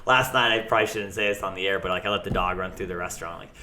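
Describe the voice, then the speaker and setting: A man's voice: low voice, steady tone, very fast. A young adult man, a chef and restaurant owner, talking candidly and rambling in a casual interview, swearing freely. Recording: echoey room with faint noise.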